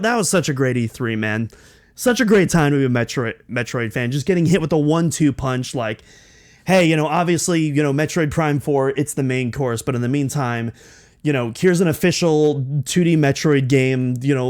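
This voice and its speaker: Excitable young man telling a story. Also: on the high side, moderate pace. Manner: excitable, many restarts and fillers. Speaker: podcast host. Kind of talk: personal storytelling.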